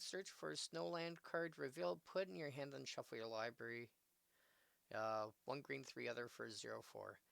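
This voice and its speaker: A man's voice: mid-range voice, vocal fry, no echo. A man casually commenting on a live stream, reading card text aloud and adding musing asides. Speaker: streamer opening card packs.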